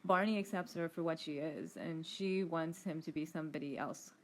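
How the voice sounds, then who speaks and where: A woman's voice: deep voice, moderate pace. A woman talking casually and opinionatedly about TV characters.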